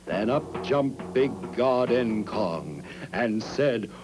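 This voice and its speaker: A man's voice: medium pitch, expressive, extremely slow, poor audio. A man narrating a children's story in a rhythmic, sing-song telling. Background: music.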